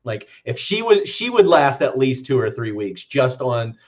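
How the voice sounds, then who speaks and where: A man's voice: mid-range voice, sing-song, measured pace, a little mellow, lo-fi sound. A man co-hosting a podcast, chatting casually about a film in a loose, rambling way and swearing freely. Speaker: podcast co-host.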